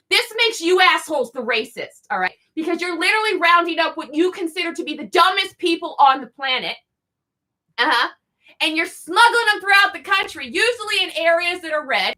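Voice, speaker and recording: A young adult woman co-hosting a podcast, delivering an angry, sarcastic, swear-filled comedic rant with frequent shouting. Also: very high-pitched, animated, brisk. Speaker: podcast co-host.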